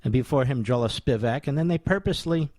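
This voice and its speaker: A man's voice: mid-range voice, fairly quick, a little mellow, no echo. A man in his sixties hosting a radio talk show, giving combative, sarcastic political commentary full of rhetorical questions. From United States. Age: 60s.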